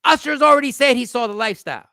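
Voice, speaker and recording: A man's voice: very high voice, very fast, vocal fry, bright, forceful tone, no echo, clean studio sound. A man hosting a casual talk show, arguing emphatically in slangy speech and repeating words for stress. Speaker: show host.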